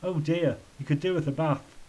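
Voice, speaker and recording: A man's voice: a little high, moderate pace, mellow, close to an everyday voice, rough recording. A man voicing a caring, earnest young boy in a storybook reading. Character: worried, caring schoolboy.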